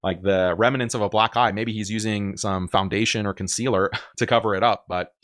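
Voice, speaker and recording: A man's voice: on the low side, steady tone, brisk, a bit bright. A man giving casual reaction commentary on a stream, emphatic and argumentative, often laughing.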